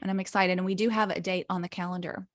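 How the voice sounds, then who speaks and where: A woman podcast co-host in her thirties, chatting casually and telling an animated story, swearing freely. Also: lowish voice, fast talker, dry recording, studio quality. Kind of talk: casual chat.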